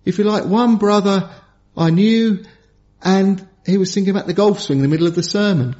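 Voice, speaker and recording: A man preaches, his voice pitched high for a man. He talks earnestly and slows down to stress his main points. The recording sounds dull and lo-fi. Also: darkish tone. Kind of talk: sermon.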